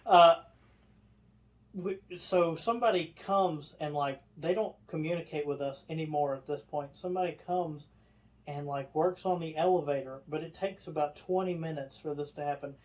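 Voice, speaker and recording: A man's voice: on the high side, moderate pace. A man telling a story on a podcast in casual chat, acting out the people in it. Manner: animated storyteller, acts out others' lines. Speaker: podcast co-host.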